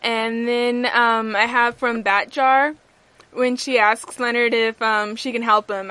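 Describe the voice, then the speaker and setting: A woman's voice: on the high side, steady tone, slow, pushed and bright, smooth. A young woman co-hosting a podcast in casual chat, gushing over favorite moments with many "like"s and "um"s. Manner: gushing, filler-heavy recounting of favorite moments. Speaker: podcast co-host.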